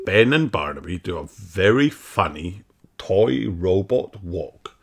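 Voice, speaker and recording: A man reading a children's storybook aloud in a slow, gentle, sing-song way. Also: low-pitched, animated, creaky. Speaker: storybook reader. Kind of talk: children's read-aloud narration. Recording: loud background noise.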